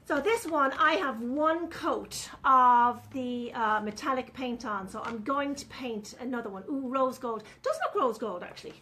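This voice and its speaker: Lady talking viewers thru a paint job, high voice, bit of noise behind. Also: normal speed, hardly any pauses, sharp tone. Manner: chatty, talks viewers through each step. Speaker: furniture painting demonstrator. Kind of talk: live painting demonstration.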